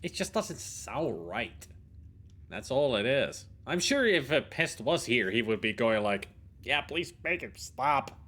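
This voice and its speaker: A gaming streamer with a medium-pitched voice offers casual gameplay commentary at an unhurried pace. He's animated, rambling and riffing as he goes, with some swearing.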